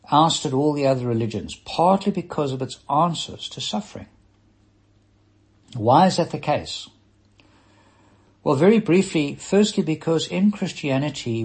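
A man's voice: mid-range voice, a little mellow, breathy edge. A middle-aged male minister delivering a sermon, preaching earnestly with rising and falling emphasis.

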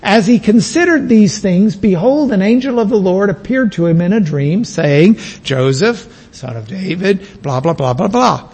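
Animated man preaching with shouted emphasis. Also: high-pitched, moderate pace, hardly any pauses, husky, rough recording. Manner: animated teaching, bursts into loud shouted emphasis. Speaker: pastor. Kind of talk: sermon.

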